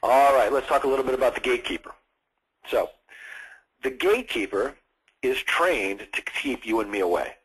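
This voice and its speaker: A man in his sixties, a sales trainer at a live seminar, lively and acting out firm phone calls as he teaches. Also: medium pitch, normal speed, long pauses, slightly rough, low-quality recording. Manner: energetic, acts out phone calls in firm and friendly tones.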